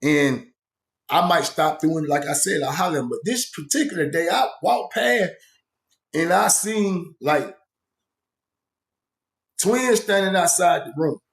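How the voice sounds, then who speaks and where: A man's voice: fairly high pitch, expressive, unhurried, pauses often. Rambling man telling a story. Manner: rambling, slang-heavy, many asides. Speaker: storyteller recounting his own past. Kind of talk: casual spoken storytelling. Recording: echoey room.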